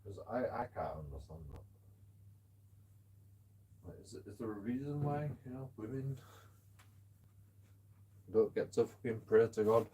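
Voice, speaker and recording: A man streaming live who rambles and stammers, swearing freely and swinging between loud outbursts and low mutters. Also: expressive, unhurried, long pauses, slight background noise.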